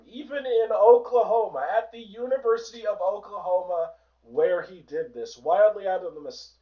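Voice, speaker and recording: A man with a hoarse voice hosting a sarcastic, profane political rant, in a dull, distant home recording. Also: sits high, a little mellow. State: hoarse from a sore throat. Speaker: host. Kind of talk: ranting political commentary.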